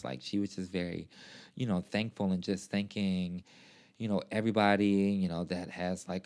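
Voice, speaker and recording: A man with a somewhat low voice talks straight to camera in a casual vlog recap. He tells the story in a gushing, animated way, full of fillers. He breaks into playful, sassy asides. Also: smooth. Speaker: vlogger.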